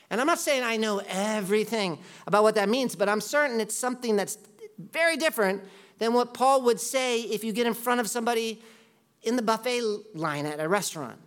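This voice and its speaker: A man preaching a conversational sermon as a pastor, talking loosely with lots of "like" and bursting into loud quoted voices. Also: very high voice. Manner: chatty, peppered with "like", jumps into loud quoted voices.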